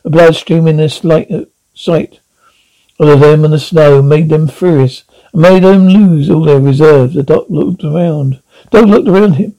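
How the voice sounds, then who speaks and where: Brief: male audiobook reader, gravelly, dark tone, halting with restarts. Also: on the high side, poor audio. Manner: halting with frequent slips and restarts. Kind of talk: storybook narration.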